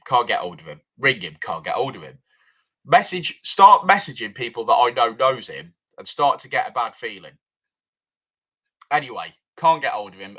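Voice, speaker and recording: Lively man telling a story. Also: on the low side. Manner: animated, acts out both sides of conversations. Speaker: tuning shop owner. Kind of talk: casual storytelling.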